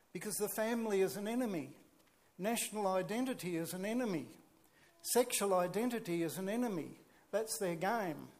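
A man's voice: high-pitched, darkish tone. A man preaching a sermon, earnest and emphatic, with chatty asides to the congregation.

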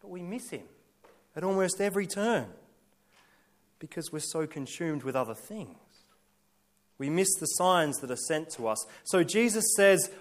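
A man's voice: on the high side, lively intonation, unhurried, long pauses. A male pastor preaching a sermon, emphatic, building his points through repeated lists and rhetorical questions.

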